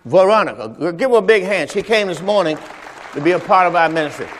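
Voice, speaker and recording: A man's voice: sits high, expressive, quick pace, a faint crowd, slight background noise. A male pastor a Sunday sermon, speaking conversationally to his congregation and telling personal stories. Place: church sanctuary during Sunday service. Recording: reverberant church hall.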